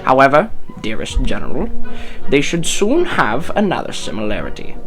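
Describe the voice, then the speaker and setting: A man's voice: medium pitch, huge pitch swings. A man doing a pompous scornful British officer. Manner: pompous, contemptuous, measured. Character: haughty male British officer writing a scornful letter. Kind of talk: dramatized letter reading. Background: music.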